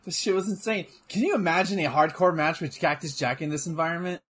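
A man chatting casually while watching a match, excitable and exclaiming at the action with plenty of swearing. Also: a little high, fast talker, breathy edge. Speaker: co-host. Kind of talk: casual watch-along chat.

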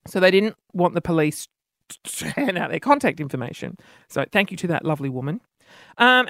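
A woman's voice: medium pitch, a bit bright, no echo, clean studio sound. A woman with an Australian accent telling a comic story as a podcast host, chatty and self-deprecating, with a self-described whingy, whiny voice.

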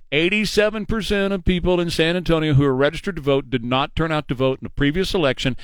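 A man's voice: fairly high pitch, dry recording, studio quality. A man hosting a talk radio show, blunt and mocking in his opinions. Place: radio studio. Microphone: studio microphone.

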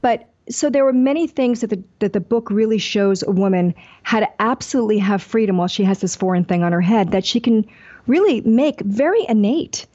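Older woman, author guest, candid and animated storyteller, mellow tone, lo-fi sound. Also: mid-range voice, brisk. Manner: animated, acts out quoted dialogue.

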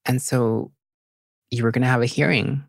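A woman's voice: a bass voice, steady tone, normal speed, gravelly, no room sound. Direct woman a dry sound. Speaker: older sister, interviewer. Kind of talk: conversational interview.

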